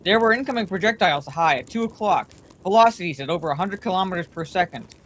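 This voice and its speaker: A woman reads a bedtime story aloud in a steady, plain way, her voice a bit congested from allergies. She speaks quickly in a lowish voice, and the recording quality is poor.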